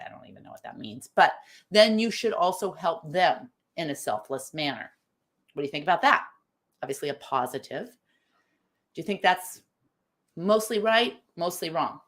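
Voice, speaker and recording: A middle-aged American woman hosts a live-stream talk, her voice fairly low in pitch and a bit bright. She thinks aloud, restarts phrases, and reads out comments from viewers.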